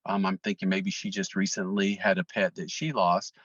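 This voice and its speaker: A man with a bright, forceful voice tells a long personal story in casual conversation. He rambles, stopping and restarting with lots of ums. The sound is dull and a little muffled, as if recorded on lo-fi gear. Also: low-pitched, level tone, moderate pace, dry recording. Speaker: interview guest.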